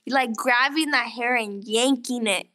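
A woman's voice: a little high, a little slow, sharp tone. A woman guest in a casual chat, telling a rambling story full of "like" and "you know". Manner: rambling storyteller, heavy use of "like".

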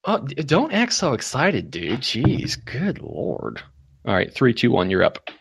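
A man hosting a prank-call show, talking fast and teasing, with profanity. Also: mid-range voice, wildly swooping pitch, gravelly, noisy background. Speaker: host. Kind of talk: casual chat.

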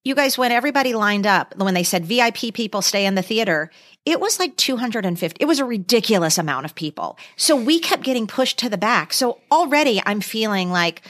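A woman's voice: a little high, animated, brisk, fairly bright tone. A middle-aged woman co-hosting a podcast, chatting casually and speaking straight to the listeners with enthusiasm. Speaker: podcast co-host. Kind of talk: casual chat.

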